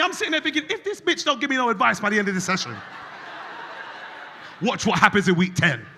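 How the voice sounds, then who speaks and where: Animated stand-up comic, high voice. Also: male voice, fast talker, long pauses, a little hiss or hum. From England. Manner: animated, switches between loud outbursts and soft acted-out dialogue. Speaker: stand-up comedian. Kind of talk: stand-up comedy set. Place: concert hall stage before a live audience.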